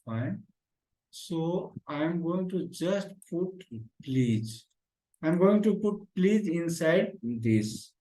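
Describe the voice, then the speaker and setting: A man's voice: fairly high pitch, expressive, very slow, mellow, roomy sound, rough recording. A man teaching a beginner HTML lesson, repeating phrases and calling the class "guy". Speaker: programming teacher. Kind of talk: screen-share coding lesson.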